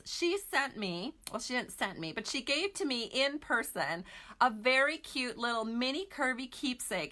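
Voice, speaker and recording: A bright-voiced, middle-aged woman from Minnesota hosts a casual walkthrough of craft products. She talks in a chatty, gushing way with plenty of fillers, her voice sitting a little high. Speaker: host.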